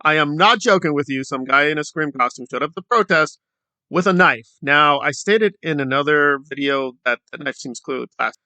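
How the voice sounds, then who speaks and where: A man's voice: on the high side, a little fast, pushed and bright, dry recording. A man hosting a sarcastic commentary vlog who mocks the people he discusses and acts out their quotes in put-on voices. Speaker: commentary channel host.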